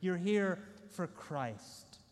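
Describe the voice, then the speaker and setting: A male pastor preaching a sermon, dynamic, swinging between soft intimate lines and loud emphatic ones, with repeated rhetorical questions. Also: sits high, lively intonation, drawn-out words. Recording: long hall reverb.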